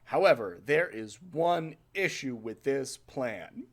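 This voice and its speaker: A man hosting a casual podcast, telling a history story in an animated, swearing, laughing way. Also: mid-range voice, takes it slowly. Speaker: podcast host.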